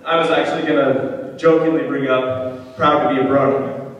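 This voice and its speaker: High-voiced man echoing through a convention hall. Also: little pitch movement, moderate pace, lo-fi sound. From United States. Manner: rambling, self-interrupting, joking with crowd. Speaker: convention panel guest. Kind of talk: casual Q&A with audience. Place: convention hall with live audience. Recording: far-off echoey hall, crowd noise. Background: audience reactions.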